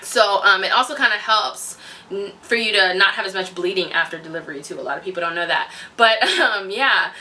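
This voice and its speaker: A young woman telling a personal story in a casual vlog, animated, laughing often and acting out what people said. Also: medium pitch, fairly quick, distant mic. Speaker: vlogger.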